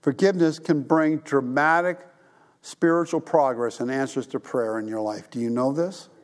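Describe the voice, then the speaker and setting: A man's voice: medium pitch, fairly even intonation, normal speed. A middle-aged man preaching a sermon to a congregation, talking plainly and often asking the listeners questions. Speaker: pastor.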